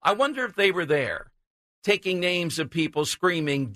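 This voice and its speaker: A man's voice: high voice, sing-song, moderate pace, pushed and bright, no echo. A man hosting a talk radio show, giving emphatic, sarcastic commentary into a studio mic.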